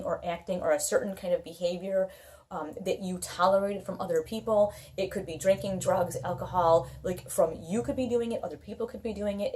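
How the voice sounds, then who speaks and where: A woman's voice: fairly low pitch, mellow. A woman doing a casual tarot reading, chatty and reassuring, often checking in with "okay?". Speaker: tarot reader.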